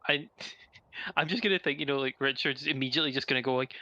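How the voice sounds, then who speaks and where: A man playing a tabletop game, chatting casually and thinking out loud. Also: mid-range voice, fast, dry recording, lo-fi sound. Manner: chatty, hesitant, thinking aloud. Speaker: player.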